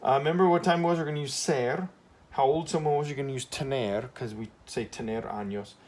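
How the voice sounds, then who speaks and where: A man's voice: medium pitch, brisk, darkish tone, a little hiss or hum. A man teaching a Spanish grammar lesson in a casual classroom style, often checking in with "okay?" and correcting himself as he goes.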